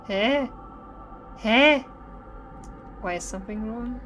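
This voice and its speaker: A young woman streaming horror games, chatting nervously and singing to herself to stay calm. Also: medium pitch, unhurried, long pauses. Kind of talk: live-stream gameplay commentary. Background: faint game music.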